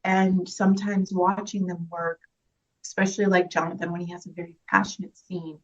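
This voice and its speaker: A woman's voice: fairly low pitch, flat delivery, normal speed, dull audio. A woman actress talking earnestly and emotionally about her work, laughing through tears at times. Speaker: actress guest. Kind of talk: emotional interview talk.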